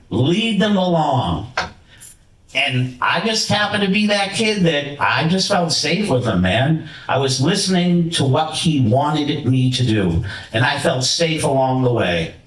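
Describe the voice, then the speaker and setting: A man giving a rambling, animated storytelling speech at a ceremony in a lodge hall. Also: on the high side. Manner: rambling, animated, many restarts. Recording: roomy hall from far off.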